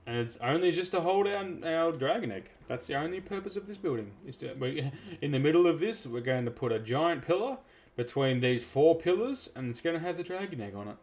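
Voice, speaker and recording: A man from South Australia with an Australian accent, giving chatty, excitable live commentary while streaming a game. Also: on the high side, brisk. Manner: chatty, excitable, self-interrupting. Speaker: gaming streamer.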